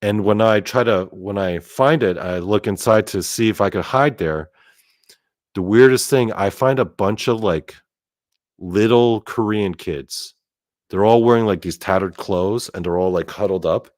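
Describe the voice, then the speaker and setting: A man telling a story in a casual monologue, animated and profane, with lots of "like" fillers. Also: sits low, unhurried, dry recording, clean studio sound. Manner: animated and profane, heavy use of "like". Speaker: storyteller host.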